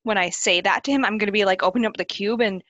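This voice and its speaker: A woman playing a tabletop game, excited and giggly as she talks. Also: mid-range voice, very fast, highs cut off. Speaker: player. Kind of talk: casual tabletop play.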